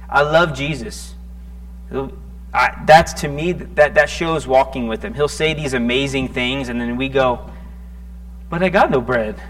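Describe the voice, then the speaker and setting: A man preaching a sermon in a conversational, animated way, often restarting his words and joking at his own expense. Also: mid-range voice, a little slow. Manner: conversational, self-deprecating, animated with stuttering restarts. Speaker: pastor.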